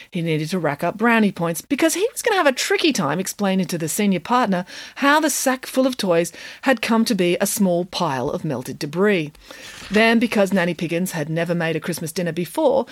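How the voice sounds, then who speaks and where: Female storybook narrator, expressive and playful, animated reading. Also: on the low side, no echo. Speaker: author reading her book.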